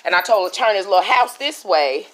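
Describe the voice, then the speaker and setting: A woman's voice: medium pitch, animated, fairly quick, a bit bright. A middle-aged woman, chatting casually to her viewers at home. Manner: chatty, talks to viewers as y'all. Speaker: vlogger. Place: living room at home.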